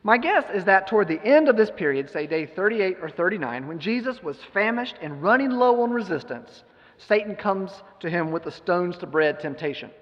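A man's voice: high voice, lively intonation, normal speed, long reverb tail, dull audio. A man giving a sermon, retelling a scripture story with emphatic rhetorical questions. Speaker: preacher.

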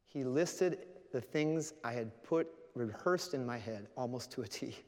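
A man's voice: medium pitch, measured pace, few pauses, darkish tone. A man preaching a sermon, telling a story earnestly and closing in prayer. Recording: long hall reverb.

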